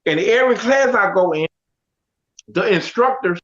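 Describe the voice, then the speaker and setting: A man telling his life story with animated storytelling, casually acting out the other people's voices with slang. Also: high voice, normal speed. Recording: dull lo-fi sound.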